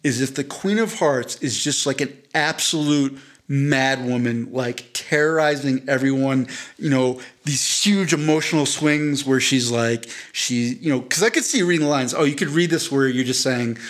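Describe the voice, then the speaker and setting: A man's voice: medium pitch, moderate pace. A man casually telling a long, self-deprecating story on a podcast, rambling with many restarts. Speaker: podcast co-host.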